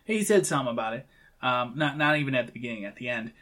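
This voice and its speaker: A man co-hosting a casual talk show, retelling film scenes and quoting lines in quick bursts. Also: medium pitch, expressive, sharp tone. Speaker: podcast co-host. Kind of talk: casual chat recapping a film.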